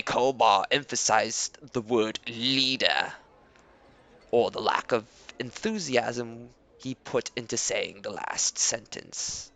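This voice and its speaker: A man's voice: medium pitch, slow, bright, forceful tone. A man hosting a let's play, reading game text aloud with playful asides. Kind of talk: game playthrough narration.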